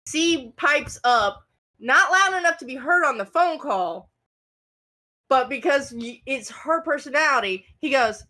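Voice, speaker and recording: A woman's voice: sits high, animated, measured pace, pushed and bright. A woman co-hosting a casual podcast, telling a story animatedly and acting out the quotes. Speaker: podcast co-host.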